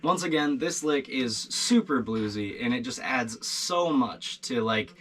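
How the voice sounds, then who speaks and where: A man's voice: medium pitch, unhurried. Laid-back, encouraging male guitar teacher. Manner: relaxed, encouraging, rambling with fillers. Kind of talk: casual video lesson.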